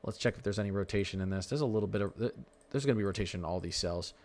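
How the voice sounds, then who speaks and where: A man's voice: fairly low pitch, rapid-fire, a little mellow. A young man hosting a live weather stream, talking through radar warnings in a chatty, rambling way and stumbling over place names.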